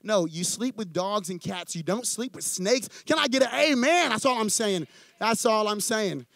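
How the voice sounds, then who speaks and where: A young male pastor with a high voice and a gravelly edge delivers a sermon in church. He tells the story casually, restarting and doubling his words. The sound is dry and close. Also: measured pace, dry recording. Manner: casual and animated, acting out quoted characters in storytelling; frequent restarts and repeated words.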